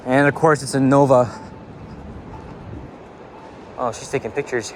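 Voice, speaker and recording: A fast-talking Canadian man with a steady, medium-pitched voice gives casual commentary while walking a city street at dawn. He rambles, leaning on fillers and swearing now and then. A handheld camera mic records him outdoors amid faint street noise.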